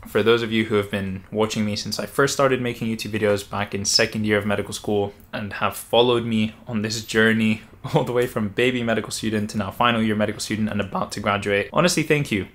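A young man in his twenties, a medical student, chatting casually to his camera with a relaxed, easygoing manner. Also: fairly low pitch, fast talker, hardly any pauses. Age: 20s. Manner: relaxed, chatty, says "mad" a lot. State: out of breath while walking. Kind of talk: casual vlog talk to camera. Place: London streets and home.

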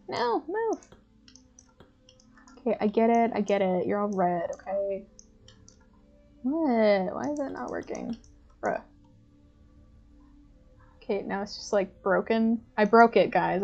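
A woman's voice: mid-range voice, vocal fry, darkish tone, highs cut off. A woman streaming a puzzle game live, talking casually, often puzzled, swearing and laughing as she reads chat aloud. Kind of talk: casual live gameplay commentary.

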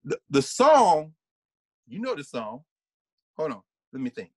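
A man giving an animated, conversational lecture as a guest. He often restarts his sentences and hums or sings short snippets to make his points. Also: fairly high pitch, unhurried, breathy edge.

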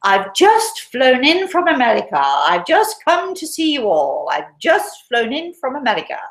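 A woman voicing a loud, tipsy woman with a posh, plummy, cultured voice. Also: high voice, wildly swooping pitch, a little slow, echoey room, pitched above the performer's own voice, heavily acted. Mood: boisterous. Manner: loud, repetitive, arm-waving.

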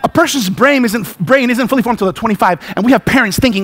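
High-voiced passionate male pastor. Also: quick pace, few pauses, a little hiss or hum. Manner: passionate, rising to shouts, repeats words when excited. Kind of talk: sermon. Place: church sanctuary.

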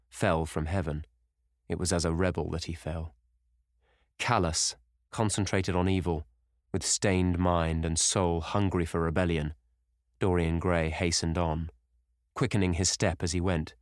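A man with a very deep voice reads a classic novel aloud in grave, measured narration. The sound is dry and close, with almost no room in it. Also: no room sound. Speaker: audiobook narrator.

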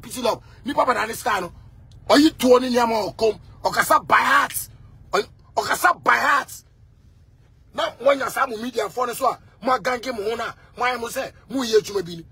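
A man with a Ghanaian accent delivering a heated rant, repeating himself and bursting into shouts. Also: extremely high pitch, fairly quick, slightly rough, no room sound. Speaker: musician.

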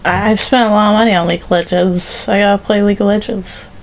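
A woman's voice: mid-range voice, fairly even intonation, fast talker, low-quality recording. A woman chatting casually while playing a video game, laughing often mid-sentence. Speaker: gamer streaming with a friend. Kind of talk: casual gaming chat.

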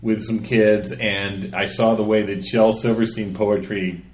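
A man's voice: on the low side, level tone, a little slow, darkish tone. Chatty man sharing his poems. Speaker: podcast co-host reading his poetry. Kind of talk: casual chat.

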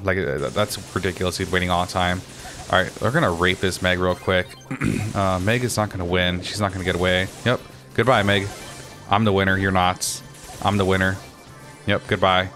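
A man's voice: fairly even intonation, fairly quick, a bit bright, soft background music. A young man giving casual gameplay commentary, swearing and ranting at opponents, his voice climbing when he gets agitated. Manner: restarts and fillers, rises in pitch when agitated. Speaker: gaming commentator.

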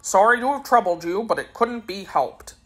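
A woman's voice: medium pitch, expressive, moderate pace, breathy edge, pitched above the performer's own voice. A cheerful little old humbug wizard from a storybook, bragging in a breezy, jaunty voice, as a woman reader puts him on. He sounds pleased with himself.

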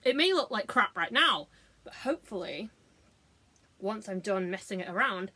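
Bright, giggly woman chatting. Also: mid-range voice, expressive, normal speed, breathy edge. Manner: sweary, giggly, self-mocking. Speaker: beauty vlogger. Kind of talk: casual makeup tutorial chat.

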